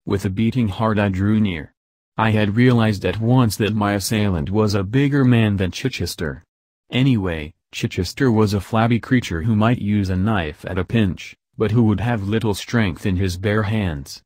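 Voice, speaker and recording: A man narrating an audiobook in a steady, measured storytelling manner. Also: fairly low pitch, no room sound. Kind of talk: scripted narration.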